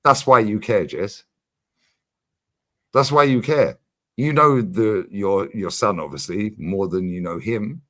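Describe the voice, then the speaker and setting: A man hosting a casual livestream chat, animated and emphatic, swearing freely and repeating his points. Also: fairly low pitch, slow. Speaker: streamer host.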